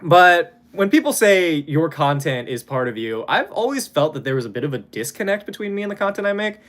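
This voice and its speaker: This is a young man on a livestream, answering chat messages off the cuff. His pitch swings up and down a lot as he talks. He rambles, stops himself mid-phrase and curses easily. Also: very animated, brisk, a bit bright. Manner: rambling, self-interrupting, swears freely, laughs often. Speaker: streamer reading chat.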